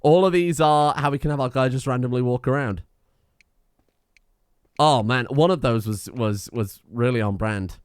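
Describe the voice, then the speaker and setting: A man's voice: mid-range voice, normal speed, smooth, dry recording, studio quality. An English man casually commentating a video game as he plays, swearing often. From England. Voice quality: sweary, chuckling, offhand. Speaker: game streamer. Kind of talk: casual let's-play commentary.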